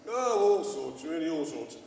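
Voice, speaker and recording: A man's voice: on the high side, expressive, a little slow, gravelly, a little mellow. A man playing a smug, evasive government adviser in a live comedy sketch, answering breezily. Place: large old church used as a cabaret venue. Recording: echoey church hall from far off.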